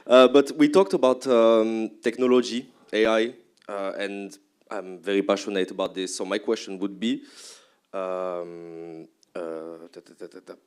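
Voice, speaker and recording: A man from France speaks with a French accent and puts his question to a panel from the floor. His voice is smooth, resonant and fairly low. He talks hesitantly and apologizes for himself along the way. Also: fairly even intonation, unhurried, darkish tone. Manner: apologetic, hesitant, self-deprecating. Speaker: audience questioner.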